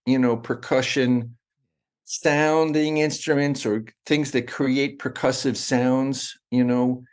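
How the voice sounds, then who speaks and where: A man's voice: mid-range voice, a little mellow. A middle-aged man talking as a guest in a casual interview, rambling and restarting his sentences often. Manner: rambling, with many restarts and fillers.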